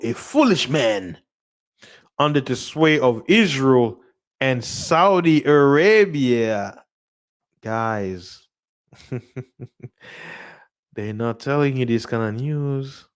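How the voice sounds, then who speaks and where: A young man talks through news stories on his own livestream, drifting off topic and repeating himself. His voice sits in an ordinary middle pitch. He laughs often and keeps the tone casual and unscripted. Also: drawn-out words, long pauses, clean tone. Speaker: channel host reading news.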